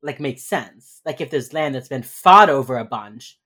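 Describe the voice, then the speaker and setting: A man's voice: mid-range voice, normal speed, pushed and bright. A man co-hosting a podcast, rambling through a casual recap of a TV episode with many fillers. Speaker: podcast co-host.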